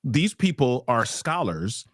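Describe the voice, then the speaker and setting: A man's voice: mid-range voice, sing-song, slow pace, dry recording, clean studio sound. A man hosting a conversational interview who listens attentively and answers with short affirmations before telling his own story. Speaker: workshop host.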